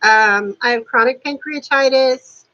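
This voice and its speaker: A woman's voice: sits high, measured pace, pushed and bright, highs cut off. A woman in her fifties chatting casually to camera at home, dropping dry sarcastic asides. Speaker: beauty vlogger. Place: warm apartment at home.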